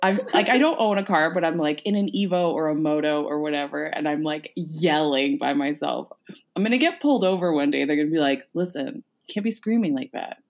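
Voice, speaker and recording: A woman's voice: low-pitched, a little fast. A woman co-hosting a podcast, ranting in casual chat and swearing freely. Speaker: podcast co-host.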